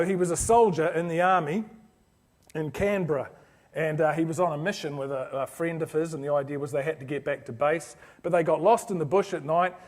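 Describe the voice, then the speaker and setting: A man giving a motivational business talk to a live audience, telling a story in an earnest, anecdotal way with frequent restarts. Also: fairly high pitch. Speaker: business speaker presenting to an orthodontics audience.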